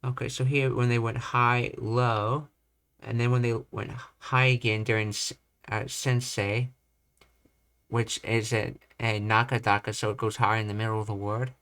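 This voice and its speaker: A young man reading and commenting on language study material, thinking aloud with halting restarts. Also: medium pitch, little pitch movement, a bit bright. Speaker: language teacher.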